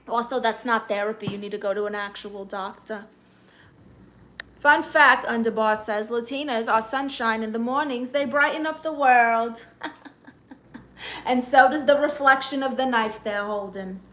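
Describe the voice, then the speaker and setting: A woman with a thick Brooklyn accent chats casually with her viewers. Her voice sits slightly high and rings bright and forceful. She answers comments with sassy, quick comebacks. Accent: Brooklyn New York. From Brooklyn, New York. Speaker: comedian live-streamer reading chat. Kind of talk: casual live-stream chat.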